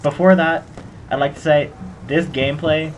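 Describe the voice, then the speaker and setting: A man's voice: a little high, steady tone, normal speed, slight background noise. A young man hosting casual gameplay commentary, rambling and joking at his own expense. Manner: rambling, self-mocking, joking. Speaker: gaming channel host.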